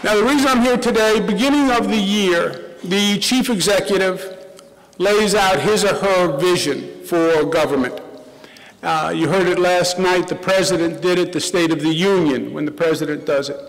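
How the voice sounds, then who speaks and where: A man's voice: high voice, normal speed, some chatter behind. A middle-aged man with a Queens New York accent, giving a governor's speech in a loose, conversational way full of asides and restarts. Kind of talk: public policy speech. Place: large college auditorium. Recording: long reverb of a big hall.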